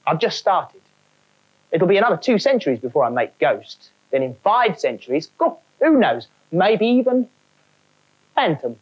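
A woman's voice: lowish voice, sing-song, moderate pace, a little mellow, low-quality recording. A woman doing a cheeky trainee ghost. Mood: chatty. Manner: cheeky, matey. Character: chatty trainee ghost, cheeky working man.

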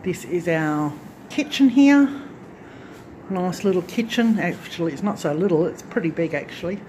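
A craft channel vlogger with a lowish, animated, slightly mellow voice speaks at a moderate pace, with a little hiss or hum in the audio. Holding her phone, she gives a chatty, rambling tour of her farm lodge unit, indoors and on the back porch, correcting herself as she goes.

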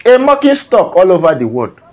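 A man's voice: sits high, wildly swooping pitch, fairly quick, a little mellow. A Nigerian man delivering a comedic reaction rant, scolding and often breaking into laughter. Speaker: comedian commentator.

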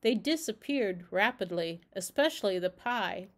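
A woman reading a classic children's storybook aloud in a gentle, measured way. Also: medium pitch, lively intonation. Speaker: narrator.

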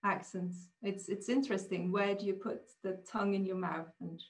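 A woman's voice: medium pitch, fairly even intonation, normal speed. Swedish woman author as guest, open and reflective, ready laugh, call audio. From Sweden. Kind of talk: online Q&A conversation.

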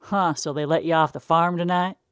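A woman's voice: on the low side, fairly even intonation, fairly quick, clean tone, no room sound, clean studio sound, natural voice. A woman voicing a teasing young man ribbing his friend in a wry, easy way.

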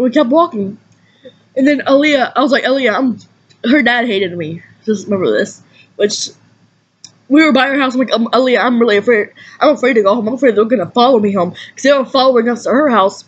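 High-voiced young woman telling a story. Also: brisk, husky. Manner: animated, acts out quotes, swears freely. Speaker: vlogger. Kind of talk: casual storytelling vlog. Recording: dull lo-fi home recording.

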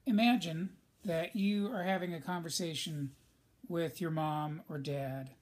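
A man's voice: fairly high pitch, steady tone, measured pace. A male teacher giving a recorded lesson in a conversational way, speaking straight to his students. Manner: conversational, addresses students directly.

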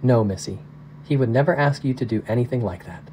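A man reading as a gentle loving father. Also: medium pitch, brisk, slight background noise, natural voice, low-quality recording. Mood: soothing. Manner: soft, tender and reassuring.

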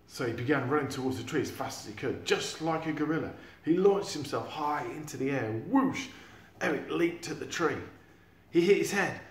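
Male teacher, storybook read-aloud, animated, sound effects, echoey room. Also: on the high side. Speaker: teacher reading to a class.

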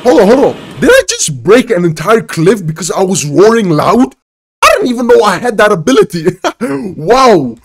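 A man hosting a reaction video, exclaiming and laughing often as he comments excitedly. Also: high voice, normal speed, creaky.

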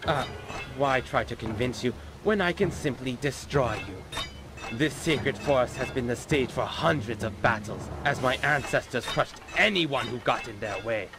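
A man's voice: medium pitch, animated, moderate pace, over music, close to an everyday voice. A man playing a pompous old warlord villain in a video game, talking in a grand, menacing way.

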